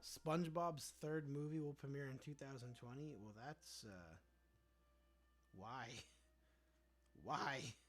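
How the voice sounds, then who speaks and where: A man's voice: a little high, moderate pace, few pauses. A man with a slightly raised voice chats loosely on his livestream, reading out viewer comments and answering them. He is sarcastic and rambling, and often trails off mid-thought. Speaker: livestream host.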